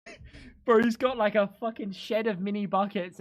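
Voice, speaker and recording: On his live stream, a young man banters loosely with viewers, curses freely, and jumps up into high, incredulous squeaks when baffled. His delivery is a little fast, with no room sound.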